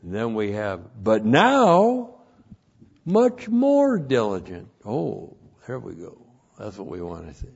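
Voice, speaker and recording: A man's voice: medium pitch, gravelly, a little mellow. A man teaching a Bible study on Greek words, methodically repeating numbered points and spelling terms letter by letter. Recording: dull lo-fi recording.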